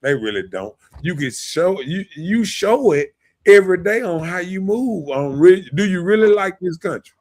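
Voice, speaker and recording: Animated man. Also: sits high, normal speed. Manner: animated, repeats "you know what I'm saying", laughs often. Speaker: podcast host. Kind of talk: casual opinion talk.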